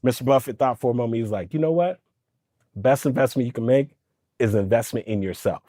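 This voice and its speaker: A man in his thirties telling a personal story in an interview, animated and acting out the voices of the people he quotes. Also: medium pitch, fairly quick, no echo, studio quality. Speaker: guest, storytelling coach.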